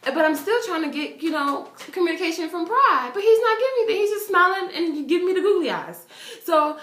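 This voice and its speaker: A young woman vlogging, telling a story in an excited, chatty way, with lots of "like" fillers. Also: very high-pitched, brisk, reverberant. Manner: animated, chatty, full of "like" fillers.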